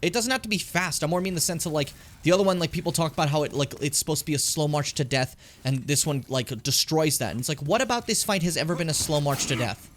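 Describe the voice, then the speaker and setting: A man giving casual, animated commentary while playing a video game, swearing and yelping when things get tense. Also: on the high side, quick pace, few pauses, slight background noise. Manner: animated, swearing, yelps and pleads when in danger.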